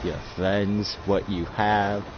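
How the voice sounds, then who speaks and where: A man voicing a preachy ghostly commander with a put-on Russian accent, lecturing slowly and accusingly on a muffled recording with loud background noise. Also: on the low side, flat delivery. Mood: solemn.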